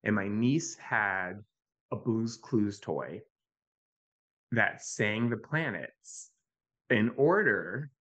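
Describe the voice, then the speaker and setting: A man speaking as a podcast guest in an animated, conversational way. He tells stories and often checks in with a quick "right?". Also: lowish voice. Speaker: podcast guest, youth mental health advocate. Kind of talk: conversational storytelling.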